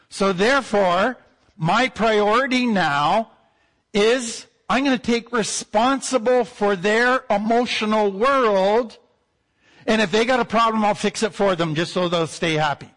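High-voiced man lecturing with emphasis. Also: a bit bright, rough recording. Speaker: therapist. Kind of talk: teaching lecture.

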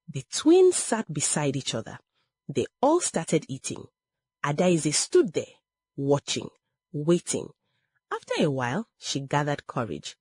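A woman narrating a scripted story in a slow, dramatic way. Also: low-pitched, darkish tone, husky, no room sound, studio quality.

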